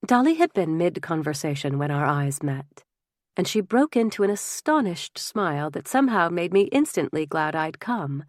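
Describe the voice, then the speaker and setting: Measured woman audiobook narrator. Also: on the low side, no room sound, studio quality. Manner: measured, expressive. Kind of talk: first-person audiobook narration.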